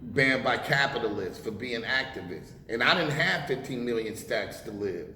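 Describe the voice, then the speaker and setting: An American rapper in his forties, appearing as a guest in a casual interview, talks bluntly and emphatically with plenty of swearing. His mid-range voice is bright and forceful, with lively intonation at a normal speed. The room is echoey with long reverb and faint hiss.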